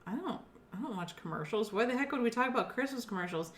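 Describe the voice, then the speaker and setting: A woman's voice: a little high, animated, fast talker, fairly bright tone. A woman co-hosting a casual podcast, dry and matter-of-fact, teasing her co-host. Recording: echoey room.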